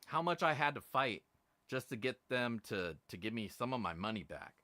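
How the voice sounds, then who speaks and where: A man's voice: medium pitch, big pitch swings, normal speed, sharp tone, no room sound. A middle-aged man hosting a live stream, telling a long, profane, exasperated story about being overcharged. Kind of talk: casual ranting live stream.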